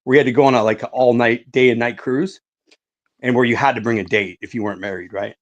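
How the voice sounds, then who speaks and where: A man's voice: mid-range voice, fairly even intonation, fast talker. A middle-aged man telling a story in casual podcast chat, swearing a lot and saying "like" and "right" often.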